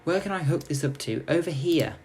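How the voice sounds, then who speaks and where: A man's voice: on the high side, animated, a little fast, a little mellow, slight background noise. A young man giving gameplay commentary as host, sarcastically ranting at his in-game citizens like a petty tyrant. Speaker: let's play host.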